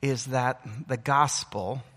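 A man's voice: mid-range voice, slow pace, a bit bright. A middle-aged man preaching a sermon as pastor, earnest and emphatic, his delivery rising and falling. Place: church sanctuary. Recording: long hall reverb.

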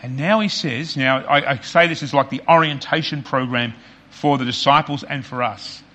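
A man preaching a sermon as pastor, earnest and repetitive for emphasis, often dropping quiet on key points. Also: medium pitch, normal speed.

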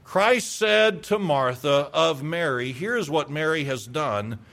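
A man's voice: fairly high pitch, animated, slow, gravelly, a bit bright. A male pastor preaching a sermon, emphatic, asking rhetorical questions and repeating phrases for weight.

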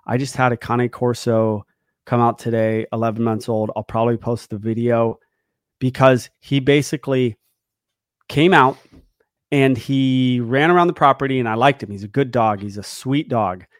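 A man's voice: medium pitch, moderate pace, no room sound, studio quality. A man hosting a podcast, chatting casually about dog training and getting worked up as he acts out what the dog is thinking. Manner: animated, gets worked up, acts out the dog's thoughts.

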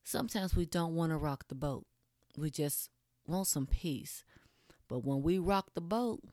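Low-voiced woman talking bluntly. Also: mellow, no room sound, clean studio sound. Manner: blunt, candid, swears freely; speaks straight to the audience. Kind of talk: casual monologue to camera.

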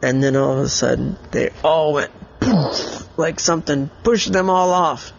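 A man's voice: on the high side, a little slow, creaky, slight background noise. Man improvising a bedtime story, lo-fi. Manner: animated, rambling storytelling with lively character voices. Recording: dull lo-fi sound.

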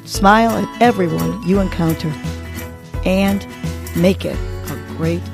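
Slow, soothing woman podcast host. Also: fairly low pitch, vocal fry, music in the background. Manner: slow, soothing, encouraging delivery. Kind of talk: guided breathing and motivational talk.

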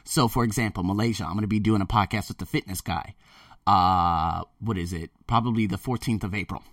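A man talking casually to his viewers, emphatic and animated, often repeating himself. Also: lowish voice, a little fast, dry recording, clean studio sound, distant mic. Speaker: vlogger. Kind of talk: casual monologue to camera. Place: Thailand.

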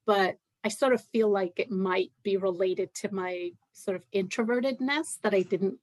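A middle-aged woman originally from Scotland, who now sounds American, talks casually as an interview guest; she is a writer and massage therapist. Her mid-range voice moves at a moderate pace, hesitant with many fillers and restarts, in a dry recording.

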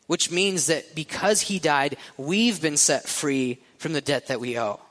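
Guy preaching in a church, kinda high voice, chatty and relaxed, long hall echo. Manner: casual, conversational preaching with many "right?" asides. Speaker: pastor. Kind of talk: sermon.

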